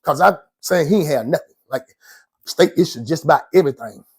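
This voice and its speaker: A man hosting and telling a story in a slangy, animated way. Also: fairly high pitch, brisk, slightly rough. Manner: animated, slangy, laughs often. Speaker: host storyteller. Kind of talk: casual storytelling.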